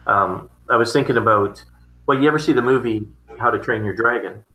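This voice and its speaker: Echoey, bright-voiced man musing on theology. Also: mid-range voice, fairly quick. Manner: rambling, repeats words, chuckles often. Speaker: theology discussion partner. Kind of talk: casual conversation.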